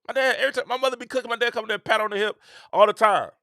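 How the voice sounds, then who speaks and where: Man, middle-aged, host, animated repetitive rants, dry recording. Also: high-pitched, racing, no room sound. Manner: animated, repetitive, preacher-like cadence. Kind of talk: casual opinion monologue.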